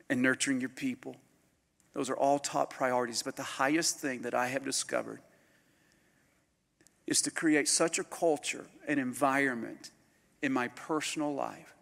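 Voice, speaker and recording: A man, a pastor preaching a storytelling sermon that swings from loud bursts to hushed near-whispers. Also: mid-range voice, creaky. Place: conference hall. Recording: live hall recording with long reverb.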